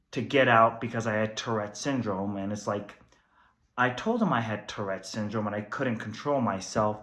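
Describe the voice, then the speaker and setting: A man's voice: medium pitch, a bit bright. Young man telling jokey stories, echoey. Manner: jokey, candid, self-deprecating. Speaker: stand-up comedian guest. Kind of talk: comedy sketch storytelling. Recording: roomy echo.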